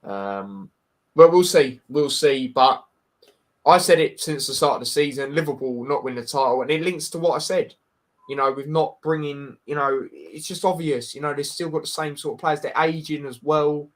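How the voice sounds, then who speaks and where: This podcast host has a fairly high male voice at a normal speed and a Scouse accent. Chatting casually about football, he's blunt and frank, often starts over, repeats himself and keeps saying "mate."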